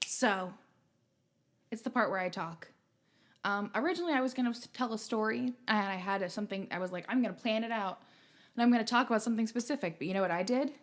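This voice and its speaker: A woman's voice: medium pitch, fast. A woman hosting a livestream show, chatting casually in a rambling, self-mocking, joking way. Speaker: stream show host.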